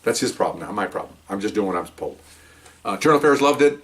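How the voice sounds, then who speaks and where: Older man, retired cop telling stories, fast talker, lowish voice, animated, mic a bit far off. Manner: animated, jumps up in pitch when acting out dialogue. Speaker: retired police officer. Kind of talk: casual storytelling. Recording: voice picked up from a distance.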